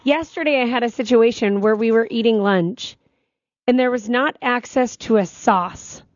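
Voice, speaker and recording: A woman co-hosting a casual talk show, telling everyday stories in a chatty, animated way. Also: fairly high pitch, normal speed, dry recording, highs cut off. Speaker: radio co-host. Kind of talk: casual on-air chat.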